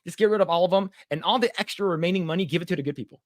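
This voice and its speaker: A man's voice: high-pitched, racing, dry recording, clean studio sound. A man in his thirties co-hosting a casual podcast, rambling through stories and acting out quoted dialogue. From United States. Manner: rambling storyteller who acts out quoted dialogue. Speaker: podcast co-host.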